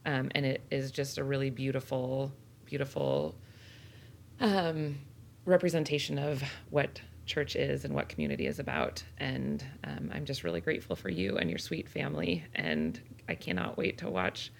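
A woman with a very low, gravelly voice hosts a church conversation. She is affirming and grateful, and she rambles gently as she speaks. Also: sing-song, normal speed, slight background noise. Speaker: church podcast host. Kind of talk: casual conversation.

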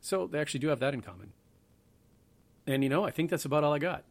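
A man's voice: fairly high pitch, lively intonation, fast, vocal fry, no room sound. A man hosting a history podcast, talking in a rambling, offhand way with self-deprecating asides. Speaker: podcast host. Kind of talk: casual history podcast talk.

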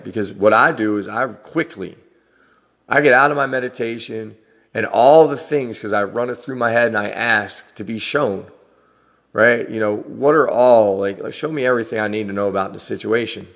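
Gravelly low-voiced man on a podcast. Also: normal speed, a bit bright, big-room sound. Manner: frank and profane, with frequent laughs. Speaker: podcast host. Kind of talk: rambling personal monologue.

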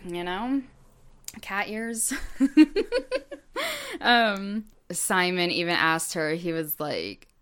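A woman's voice: lowish voice, slow, bright, forceful tone, smooth. A woman co-hosting a podcast, telling a story in casual chat with many fillers. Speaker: podcast co-host.

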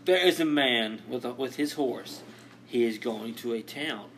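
A man's voice: medium pitch, a little slow, fairly bright tone, slight background noise. A man co-hosting a casual comedy podcast, posing riddles and laughing often. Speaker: podcast co-host.

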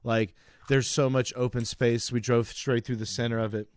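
A man's voice: mid-range voice, level tone, normal speed, darkish tone, dry recording, studio quality. A man in his thirties co-hosting a podcast, telling long rambling stories with frequent laughs. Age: 30s. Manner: rambling storyteller, laughs often. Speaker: podcast co-host. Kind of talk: casual chat.

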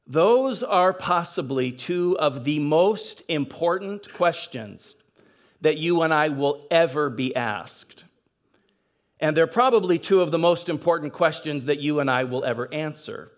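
A man, a pastor, preaching a sermon in church, telling a story and slowing down to stress key phrases. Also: a little high. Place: church sanctuary.

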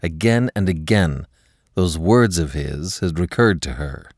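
Male narrator for an audiobook, very deep, lively delivery, dry close sound. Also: dry recording. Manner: expressive, measured reading. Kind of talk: scripted story narration.

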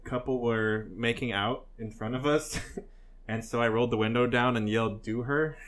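A man's voice: medium pitch, flat delivery, moderate pace, fairly bright tone. A young man hosting a casual podcast, telling prank stories loosely with a lot of swearing and frequent laughter. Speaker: podcast host. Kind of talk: casual chat.

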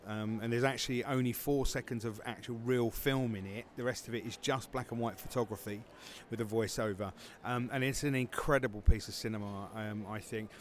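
A man's voice: medium pitch, steady tone, a little fast, few pauses, slight background noise. A man who founded a film festival, answering interview questions casually with many fillers and restarts.

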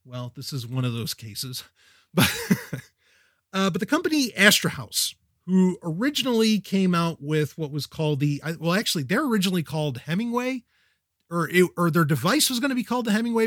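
A man hosting a tech podcast, talking casually in an energetic, wisecracking way that often breaks off and restarts. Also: a little high, dry recording, clean studio sound. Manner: energetic, wisecracking, self-interrupting. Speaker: podcast host.

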